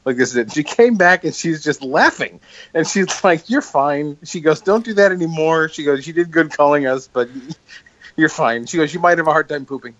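A man's voice: on the high side, moderate pace, a bit bright, muffled recording. A man co-hosting a podcast, chatting casually and telling stories while laughing often. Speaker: podcast co-host. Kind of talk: casual chat.

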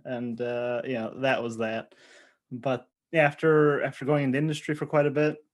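A man guesting on a podcast, telling his background in a relaxed, rambling way with many fillers. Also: mid-range voice, moderate pace. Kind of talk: casual podcast chat.

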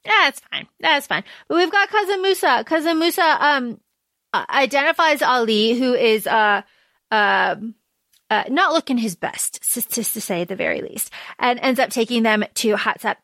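A woman co-hosting a podcast, retelling a story in casual chat, animated and full of fillers. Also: fairly high pitch, normal speed, no echo, clean studio sound. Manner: chatty, animated retelling with fillers and quoted asides. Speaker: podcast co-host. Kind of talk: casual book discussion.

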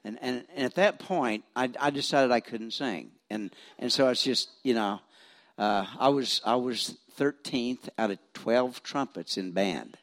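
A man's voice: mid-range voice, unhurried, fairly bright tone. A retired pastor in his seventies from Missouri preaching in a church, telling stories with self-deprecating humor and frequent restarts. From Missouri, USA. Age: 70s. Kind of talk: folksy storytelling sermon.

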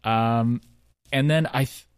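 A man's voice: medium pitch, takes it slowly, clear, resonant tone, no room sound, clean studio sound. A man co-hosting a casual podcast chat, loose and laid-back, reviewing songs. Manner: laid-back, loose, reads lyrics aloud. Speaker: podcast co-host.

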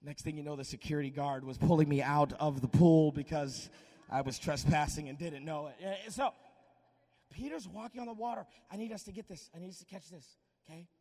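A man preaching an energetic, humorous sermon, shouting for emphasis and joking with the crowd. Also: fairly high pitch, a little fast, big-room sound.

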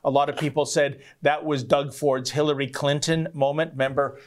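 A man's voice: on the high side, level tone, moderate pace. A man hosting a live stream, reading viewer chats aloud with wry jokes and theatrical emphasis. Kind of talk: casual live-stream talk.

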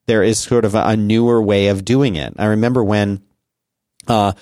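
A man's voice: fairly low pitch, normal speed, a little mellow, no room sound. Forties guy rambling on a podcast, lots of likes and you knows, dry close mic. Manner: rambling, many restarts and fillers. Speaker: podcast co-host. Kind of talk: casual conversational chat.

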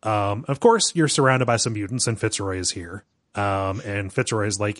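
A man co-hosting a podcast, telling stories in animated casual chat with frequent chuckles. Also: on the low side, normal speed, hardly any pauses, no echo, studio quality. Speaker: podcast co-host.

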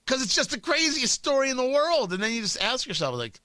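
A man's voice: extremely high pitch, very animated, fast, few pauses, pushed and bright, dry recording. A middle-aged man hosting a talk radio show, riffing in a monologue, often restarting his sentences and acting out quotes.

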